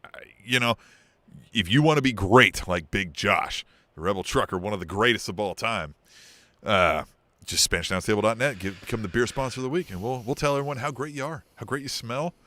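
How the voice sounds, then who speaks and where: A man co-hosting a podcast in casual chat, excitable and laughing often as he acts out quotes. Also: on the low side, brisk, dry recording. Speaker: podcast co-host.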